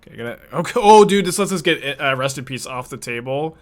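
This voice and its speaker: A man's voice: medium pitch, lively intonation, quick pace. A man streaming a card game, thinking his plays through aloud in casual chat and answering viewers' questions as he goes. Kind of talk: casual live-stream gameplay commentary.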